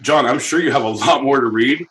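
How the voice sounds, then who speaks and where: A young man co-hosting a podcast, animated, jokey and a bit profane. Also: mid-range voice, brisk, slight background noise. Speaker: podcast co-host. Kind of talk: casual comedy chat.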